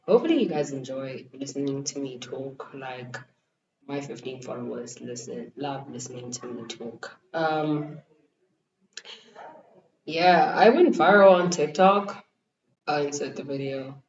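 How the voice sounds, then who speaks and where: Young podcast host, hesitant and wry, on a muffled, lo-fi recording. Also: female voice, rumbling low, measured pace, crowd noise. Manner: hesitant, filler-heavy, wry. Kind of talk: casual podcast intro. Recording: roomy, distant, muffled home recording.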